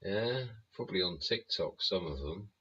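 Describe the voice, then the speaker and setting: A man's voice: low voice, lively intonation, moderate pace, fairly bright tone, husky, lo-fi sound. A man hosting a live stream, ranting bluntly and rambling with plenty of swearing. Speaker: livestream host.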